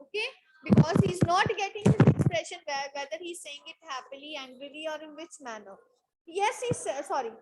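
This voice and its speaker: A woman with a very high voice teaches a class. She reads a passage aloud, stops to explain what words mean and repeats phrases until they sink in. She drops "okay" between her points. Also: animated, a little fast, very noisy. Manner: explains word meanings, repeats phrases, says okay often. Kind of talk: classroom lesson explaining a text.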